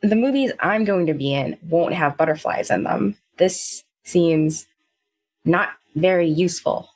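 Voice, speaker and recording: A woman's voice: fairly low pitch, unhurried, a little mellow. A woman voicing a tall, burly, flustered man who wants to be an action star, in a tabletop game. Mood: earnest. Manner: anxious, flustered.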